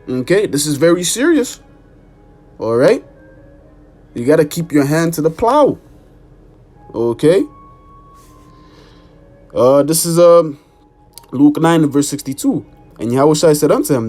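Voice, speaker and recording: Emphatic husky man preaching. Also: on the high side, a little mellow. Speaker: street preacher. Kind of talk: informal sermon with scripture reading.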